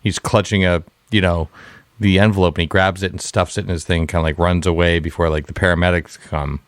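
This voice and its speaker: Deep-voiced excitable man riffing. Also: fairly quick, clear, resonant tone, no room sound. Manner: excitable, rambling, lots of fillers. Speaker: podcast co-host. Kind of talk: casual comedic brainstorming chat.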